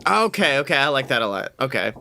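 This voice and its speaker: Bright-voiced man cracking blunt jokes. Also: medium pitch, very animated, fast talker, gravelly. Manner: blunt, swears casually, self-mocking. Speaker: podcast co-host. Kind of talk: casual chat.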